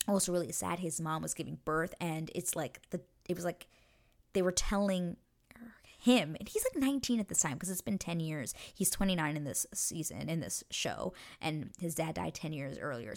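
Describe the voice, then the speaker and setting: Female podcast host, low gravelly voice, casual gushing recap, lots of "like" and restarts. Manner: gushing, chatty, full of fillers and restarts. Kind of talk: casual chat.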